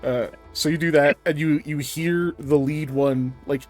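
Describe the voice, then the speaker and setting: A man's voice: a little high, steady tone, a little slow, a little mellow, soft background music. Casual man running a tabletop game. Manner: casual, laughing, filler-heavy narration. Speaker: game master.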